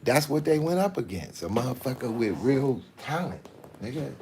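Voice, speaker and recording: A man's voice: medium pitch, sing-song, moderate pace, a little mellow, slight background noise. A man hosting his own channel, delivering a boastful, profane live-stream rant from inside a building with parked cars. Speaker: channel host.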